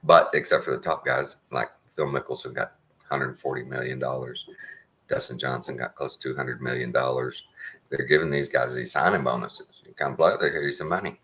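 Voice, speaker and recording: A man's voice: very deep voice, fairly even intonation, brisk, a bit bright, slight background noise. A man with a Texan accent giving a folksy, plain-spoken opinion monologue with a wry edge. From Texas. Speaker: show host.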